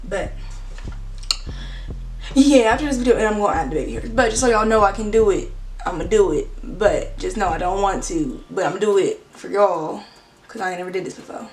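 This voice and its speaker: A woman's voice: mid-range voice, fairly quick, a little mellow, distant mic. A young woman talks casually through a hair tutorial, slangy and loose, leaning on fillers as she works. She sits back from the mic in a roomy space at home. Faint music plays underneath. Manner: chatty, filler-heavy, slangy. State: out of breath. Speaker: beauty vlogger.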